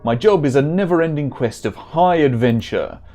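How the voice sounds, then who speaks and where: A man's voice: fairly high pitch, animated, normal speed, darkish tone, natural voice. A man voicing a stern, earnest adult male warrior with a put-on German accent and formal old-style speech.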